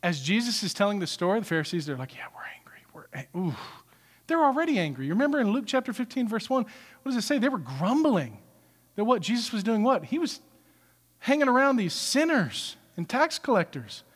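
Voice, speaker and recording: Animated guy preaching a sermon, acts out the characters, high voice, echoey big hall. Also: brisk. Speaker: pastor.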